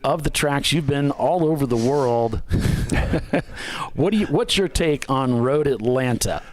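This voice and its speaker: Male race co-commentator, chatty, relaxed, quick to laugh, mid pitch.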